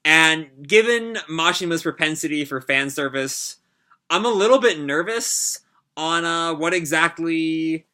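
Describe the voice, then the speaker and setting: A man hosting a manga reaction, reading chapters aloud and pausing to comment with hesitant, reflective asides. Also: a little high, sharp tone. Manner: hesitant, lots of fillers and restarts, reflective.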